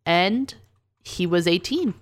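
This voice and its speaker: A woman's voice: lowish voice, animated, takes it slowly. A woman, co-hosting a podcast and casually telling a true crime story, reading quotes aloud and saying "like" often. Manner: casual, says "like" a lot, reads quotes aloud.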